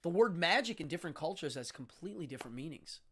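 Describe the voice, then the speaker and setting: Male host, magician type; theatrical, lively pitch, loose livestream chat. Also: quick pace, husky. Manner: dramatic and animated, stumbling restarts. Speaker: magician and occultist hosting a live show. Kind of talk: casual livestream monologue.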